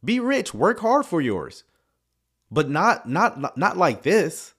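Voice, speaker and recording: Sarcastic man with a lively voice. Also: a little high, takes it slowly, breathy edge. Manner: sarcastic, chuckling asides. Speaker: video commentator. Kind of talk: reaction commentary.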